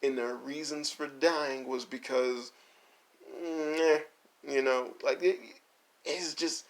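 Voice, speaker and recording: A man's voice: mid-range voice, steady tone. A man in a casual, exasperated rant reviewing an anime, swearing and laughing as he mocks the characters. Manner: mocks characters in quick put-on voices. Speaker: video essay host.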